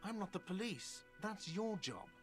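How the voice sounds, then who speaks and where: A man's voice: high voice, sing-song, measured pace, soft background music. An actor playing a sarcastic, dismissive male innkeeper in a detective game.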